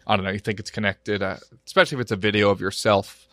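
A man's voice: on the low side, fairly even intonation, fast talker, sharp tone, no echo. A man in a casual podcast chat, telling rambling, self-mocking stories.

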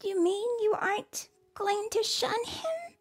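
A tearful young girl speaks in a thin, very high voice, slow and anxious, put on by a woman reading a storybook. Her words drag with worry. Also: expressive, exaggerated voice. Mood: worried.

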